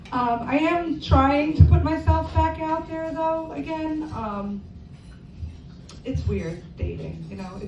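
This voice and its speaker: A woman's voice: high-pitched, noisy background. A woman performing a stand-up comedy set, self-deprecating, acting out characters in quoted voices. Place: comedy club stage. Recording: echoey, distant, muffled live club sound.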